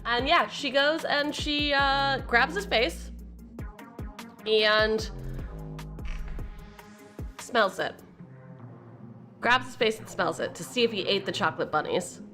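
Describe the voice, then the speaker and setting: A woman's voice: on the high side, takes it slowly, pauses often, pushed and bright, faint music behind. Laughing woman streamer telling family stories. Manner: chatty, laughs often between lines. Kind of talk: casual storytelling during a live stream.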